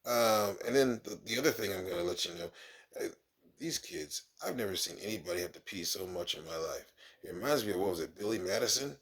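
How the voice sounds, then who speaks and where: Animated, gravelly-voiced man telling classroom stories. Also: low-pitched, brisk. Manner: animated storyteller, swinging up for acted exclamations. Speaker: kindergarten teacher. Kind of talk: casual anecdotal monologue.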